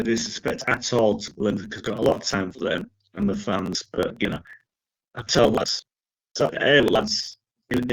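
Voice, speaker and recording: A man's voice: medium pitch, gravelly, poor audio. A man chatting casually about football as a podcast co-host, full of banter and the odd swear word.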